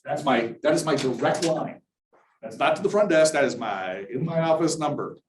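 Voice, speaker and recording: A middle-aged man directing a university accessibility office, giving a workshop presentation to an audience in a candid, conversational way with dry, dark humor. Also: fairly high pitch, animated, normal speed, reverberant, slight background noise, rough recording.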